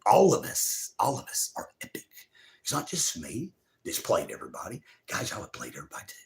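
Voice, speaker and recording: A man hosting his own show, giving a profane, preachy spiritual monologue to viewers, swinging between loud bursts and near-whispers. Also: on the low side, huge pitch swings, a little fast. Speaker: show host.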